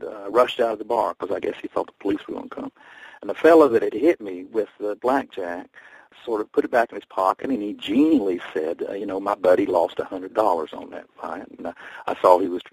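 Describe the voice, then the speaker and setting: A man from the American South, a guest on a talk show, telling rambling, animated personal stories. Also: fairly low pitch, fairly quick, creaky, slightly rough, no room sound, low-quality recording. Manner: rambling, animated storytelling with laughs. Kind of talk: storytelling in conversation.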